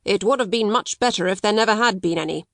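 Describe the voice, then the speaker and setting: A woman's voice: medium pitch, normal speed, creaky, no echo, studio quality, lightly acted. A woman reading a storybook voices a shrewd male solicitor who speaks brusquely and with disapproval. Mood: critical, curt. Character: curt, shrewd male solicitor, dry little man.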